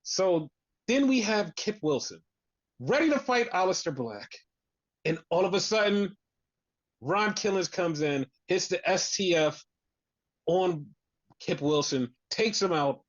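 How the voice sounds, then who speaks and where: Animated, profane man recapping wrestling. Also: sits high, dry recording, highs cut off. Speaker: podcast co-host. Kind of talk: casual wrestling recap chat.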